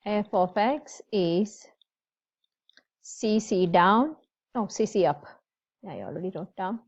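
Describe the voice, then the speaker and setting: A woman's voice: mid-range voice, expressive, slow pace. A woman math teacher giving a classroom lecture, explaining step by step and repeating key points. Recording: slightly dull lo-fi recording.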